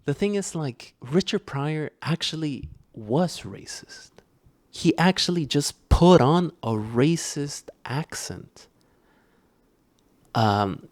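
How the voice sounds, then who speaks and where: A man co-hosting a podcast, giving measured, sardonic commentary with frequent pauses on a close mic. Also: medium pitch, darkish tone, no room sound. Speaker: podcast co-host. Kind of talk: casual critical commentary.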